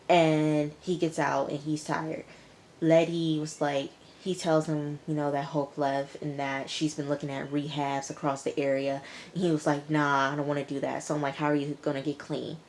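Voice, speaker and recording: A woman's voice: low-pitched, dark tone, a little hiss or hum. A woman recapping a TV episode in a casual, chatty way, often talking back to the characters. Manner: chatty, talks back to characters with mock quotes. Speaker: TV episode reviewer.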